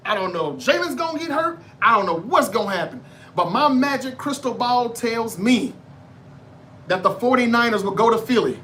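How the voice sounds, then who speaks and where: A man's voice: sits high, bright, forceful tone, a little hiss or hum. A man hosting a sports debate show, giving football predictions in a brash, profane, trash-talking monologue.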